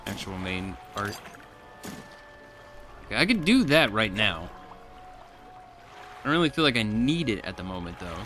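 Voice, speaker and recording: A man giving casual let's play commentary as he plays, chatty and talking to himself, with frustrated outbursts. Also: on the low side. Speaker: gameplay streamer.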